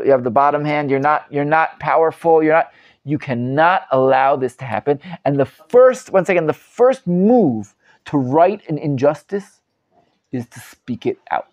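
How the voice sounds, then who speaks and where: Rabbi teaching a live class, animated and emphatic, slightly high voice, dull lo-fi sound. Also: male voice. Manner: animated, emphatic, many restarts and repeated words. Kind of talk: live Torah class with student questions.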